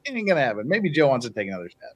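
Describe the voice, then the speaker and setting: A man's voice: mid-range voice, lo-fi sound. A man hosting a casual live stream, reading viewer messages aloud and teasing his co-hosts with frequent chuckles. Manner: jokey, teasing, chuckles often.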